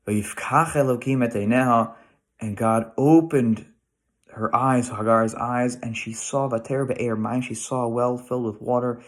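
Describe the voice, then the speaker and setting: This rabbi, a middle-aged American, has a steady mid-range voice and talks a little slowly. His weekly Torah lesson is informal, with him reasoning aloud, starting over mid-thought and tossing out rhetorical questions.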